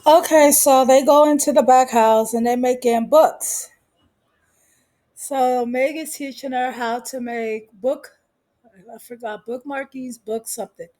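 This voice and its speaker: Woman vlogger, unhurried and a little high, sassy gossip recap. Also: fairly even intonation, dark tone. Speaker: vlogger recapping a show episode. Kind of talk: casual chatty recap.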